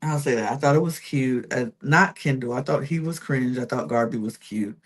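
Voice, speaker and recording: A woman's voice: a bass voice, moderate pace. A woman hosting a casual reality TV recap podcast, chatty and full of fillers and self-corrections. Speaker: podcast host.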